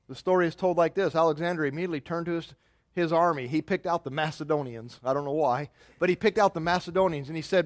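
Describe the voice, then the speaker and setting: A man preaching a sermon, telling a story in an animated way, swinging between loud and soft. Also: on the high side, fast, dry recording, clean studio sound. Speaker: pastor.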